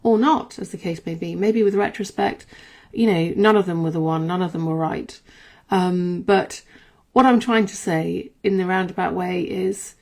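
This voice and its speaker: Gravelly woman musing in rambling monologue. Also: mid-range voice, darkish tone. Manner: rambling, musing, self-correcting. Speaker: podcast host. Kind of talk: reflective casual monologue.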